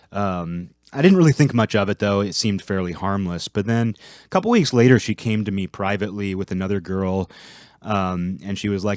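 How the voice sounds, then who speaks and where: Young guy, low voice, chatty rambling monologue with lots of fillers, dry recording. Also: animated, brisk, no room sound. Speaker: vlog host. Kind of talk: casual storytelling monologue.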